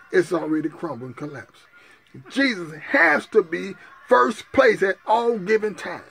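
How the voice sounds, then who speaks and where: Gravelly husky preacher man, fervent. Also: high-pitched, a bit bright. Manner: fervent preaching, repetitive cries to Jesus; addresses listeners as sisters and brothers. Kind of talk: sermon and spoken prayer.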